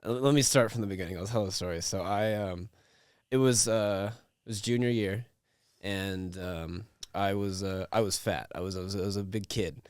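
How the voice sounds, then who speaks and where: A man's voice: sits low, normal speed, a little mellow, smooth, dry recording, studio quality. Young man telling a rambling story. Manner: rambling, laughing storyteller with many restarts and fillers. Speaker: podcast host. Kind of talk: casual storytelling chat.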